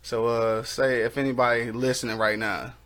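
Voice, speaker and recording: A man hosts a podcast from a small studio. He talks in loose, slangy banter at an ordinary pitch, laughing easily between lines. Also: flat delivery, normal speed, a bit bright. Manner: laid-back slangy banter, laughs often. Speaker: host. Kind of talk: casual podcast chat.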